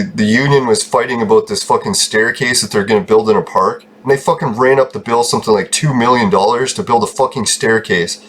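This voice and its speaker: A man's voice: mid-range voice, a little hiss or hum. A man, hosting a gaming channel and talking casually, swearing heavily and ranting. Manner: heavy swearing, ranting, quick laughs. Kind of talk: casual rambling commentary while gaming.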